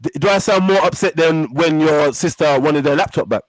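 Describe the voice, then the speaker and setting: Combative high-voiced man. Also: normal speed, no echo. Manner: combative, repeats phrases, talks over others. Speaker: panelist in a live stream debate. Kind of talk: heated argument on a live call-in stream.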